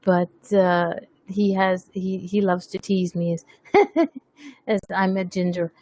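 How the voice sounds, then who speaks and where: Speaking slowly in a mid-range voice with a darkish tone, this webcast host chats casually, teasing herself and laughing a lot. The recording has no room sound.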